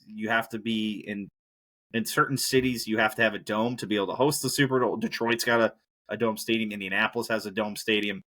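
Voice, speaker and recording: A man's voice: fairly low pitch, fairly even intonation, fairly quick, sharp tone. A man hosting a solo podcast, rambling casually and breaking into profane rants. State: injured knee, hobbling. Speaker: podcast host.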